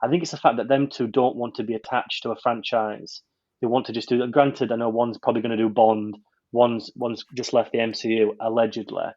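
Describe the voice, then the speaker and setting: A man's voice: mid-range voice, flat delivery, fairly quick, darkish tone, muffled recording. A man reviewing a film on a podcast in casual chat, rambling with many restarts.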